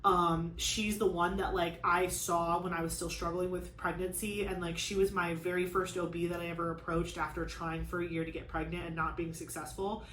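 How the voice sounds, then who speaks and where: A woman's voice: lowish voice, level tone, moderate pace, few pauses, fairly bright tone, slight background noise. A woman hosting a crafting vlog, chatting casually and venting with frustration, peppering her talk with "like". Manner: rambling, lots of "like", frustrated venting. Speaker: crafting channel host. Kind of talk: casual chat while crafting. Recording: echoey room with faint ambience.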